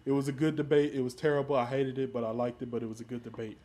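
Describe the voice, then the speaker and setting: A man's voice: mid-range voice, level tone, very fast, over a noisy crowd, natural voice. A man doing a comedic impression of a blustering, boastful older male president, repeating himself insistently. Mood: scolding. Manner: repetitive, insistent, bragging. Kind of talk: comedic impression in casual chat.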